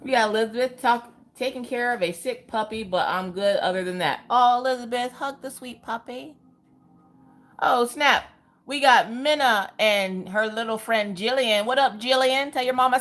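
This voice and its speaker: Playful exclamations and casual asides fill this woman's livestream as she shouts out viewers by name. As host she keeps an easy, joking tone, her voice bouncing lively up and down in pitch.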